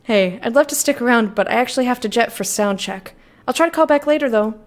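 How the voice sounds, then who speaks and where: A woman's voice: a little high, quick pace, lightly acted. Woman reading an easygoing touring musician. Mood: cheerful.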